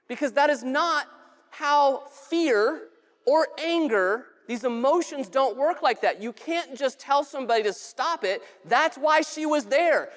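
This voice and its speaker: Direction: preach like a relaxed pastor chatting with the congregation. Keep it casual, drop in a light joke now and then, restart a phrase when you need to, and let the words ring out in a big church with a long echo. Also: high voice. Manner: casual and humorous, with frequent restarts. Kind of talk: conversational sermon. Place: church sanctuary.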